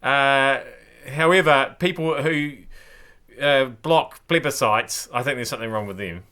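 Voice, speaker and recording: A man with a New Zealand accent hosting a comedic news commentary show, sarcastic and playful, with sudden high-pitched outbursts. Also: a little slow, sharp tone. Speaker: host.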